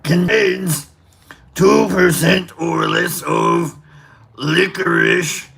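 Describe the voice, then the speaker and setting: A man putting on a gruff, low mock samurai voice as a comic impression, talking slowly. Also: a bit bright, exaggerated voice. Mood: solemn.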